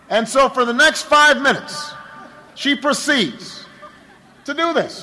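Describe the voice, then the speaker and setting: Bright, high-voiced man giving a rally speech. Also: big pitch swings, brisk, slight background noise, poor audio. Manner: anecdotal storytelling with repetition and rhetorical build. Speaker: political candidate.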